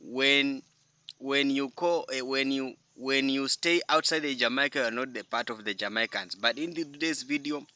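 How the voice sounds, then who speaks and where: Bright, crisp-voiced man introducing a reaction. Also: medium pitch, no room sound. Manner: earnest, halting. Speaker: reaction channel host.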